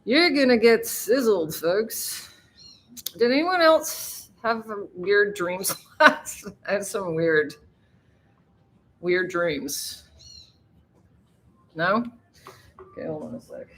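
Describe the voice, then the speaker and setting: A woman's voice: mid-range voice, expressive, slow pace, long pauses. A woman hosting a casual live stream, chatting with viewers and laughing, who swears freely.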